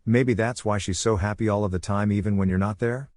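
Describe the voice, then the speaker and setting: Guy reading a pervy older ninja teacher, teasing, dry low voice. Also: steady tone, fairly quick, darkish tone, dry recording, close to an everyday voice. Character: lecherous joking older male ninja mentor.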